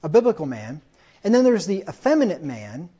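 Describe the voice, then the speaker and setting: A man's voice: fairly high pitch, very animated, fairly quick, dark tone, husky, lo-fi sound. A man preaching a sermon in a conversational way, often asking "right?" and acting out the dialogue of stories he tells. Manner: conversational, with tag questions and quoted dialogue.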